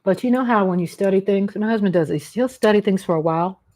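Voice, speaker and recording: Fast-talking and mid-range in pitch, with a darkish tone, this middle-aged woman is a food vlogger in a casual mukbang chat. She eats at a table at home, rambling in a homey way about family cooking with lots of restarts.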